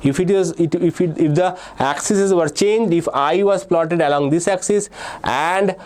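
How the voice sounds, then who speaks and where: A man's voice: on the high side, a little slow, a little mellow. Man teaching exam physics. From India. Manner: explains step by step, frequent "okay" and "right?" checks. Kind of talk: exam-prep lecture.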